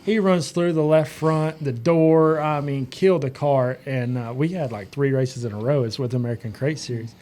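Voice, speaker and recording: A man, a podcast guest telling racing stories in lively casual chat with frequent laughs. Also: mid-range voice, moderate pace, hardly any pauses. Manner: animated storyteller, laughs often, repeats words. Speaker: podcast guest, race director.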